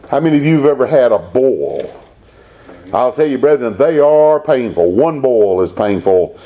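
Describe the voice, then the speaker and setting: Animated preacher man. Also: mid-range voice. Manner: preaching with rising emphatic bursts and quoted scripture. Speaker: pastor. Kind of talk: animated Baptist sermon.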